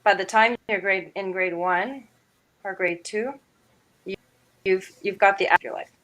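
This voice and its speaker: A woman's voice: medium pitch, normal speed, a bit bright, low-quality recording. A woman from Quebec chatting casually in an online group call, talking with frequent laughter. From Quebec, Canada. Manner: chatty, laughing, restarts often.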